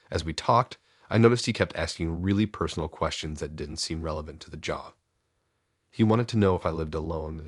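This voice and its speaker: A man narrating first-person horror stories in a steady, hushed, scripted delivery. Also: very deep voice, husky, no echo, studio quality.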